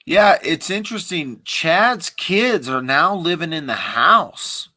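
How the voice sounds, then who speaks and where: A man's voice: on the high side, lively intonation, slow, sharp tone, dry recording. A man giving casual, rambling live commentary as the host of a livestream, with a wry, thinking-aloud manner.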